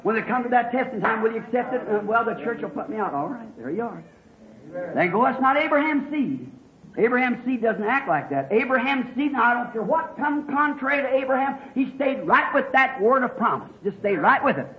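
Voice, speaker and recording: A man preaching a fervent revival sermon, swinging from hushed asides to shouted exclamations. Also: extremely high pitch, sing-song, brisk. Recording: echoey, muffled old sermon recording.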